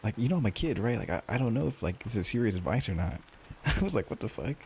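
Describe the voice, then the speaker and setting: Man, streamer, casual chat, swearing a lot, mock-grumpy rant, raspy fry in the voice, fairly deep. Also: very animated, fast talker, a little mellow, slight background noise. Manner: profane, ranting, mock-grumpy joking.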